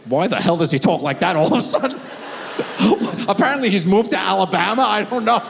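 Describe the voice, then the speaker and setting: Animated male stand-up comic in a theater. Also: high voice, fast talker, gravelly, slight background noise. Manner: animated storytelling with voiced impressions of his kids. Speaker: stand-up comedian. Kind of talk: stand-up comedy performance. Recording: theater recording with long hall reverb.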